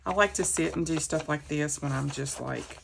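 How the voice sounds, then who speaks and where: Low, gravelly-voiced woman crafter. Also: normal speed, slight background noise. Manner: rambling, chatty, talks through each step. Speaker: craft vlogger. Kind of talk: casual chat while crafting. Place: her home office.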